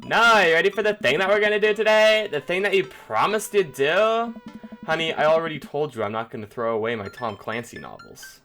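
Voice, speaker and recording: A man's voice: a little high, big pitch swings, a little fast, sharp tone, soft background music, voice pushed up. A man voicing an exasperated, bossy teenage daughter in a dating game, in a raised, insistent voice.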